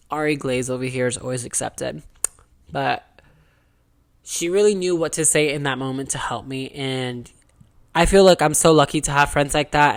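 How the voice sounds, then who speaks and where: Candid, chatty young woman vlogging. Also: a bass voice. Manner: chatty, candid, swears freely, says "girl" and "okay". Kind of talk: casual diary confession.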